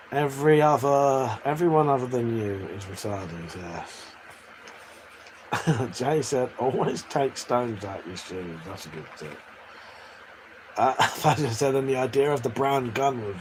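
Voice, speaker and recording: An English man chatting casually and crudely on a live stream, reading out chat messages and laughing often. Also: medium pitch. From England. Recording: faint background noise.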